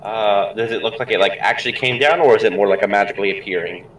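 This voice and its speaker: A man's voice: lowish voice, fast talker, a bit bright, roomy sound, far from the mic, low-quality recording. A man playing in a tabletop game, asking hesitant questions full of uhs. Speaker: player.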